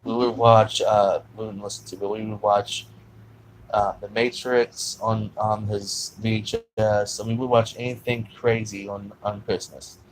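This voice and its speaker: Low-voiced man rambling through a story. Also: level tone, a little slow, a little hiss or hum, poor audio. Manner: profane, rambling, many fillers and restarts. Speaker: vlogger telling his life story.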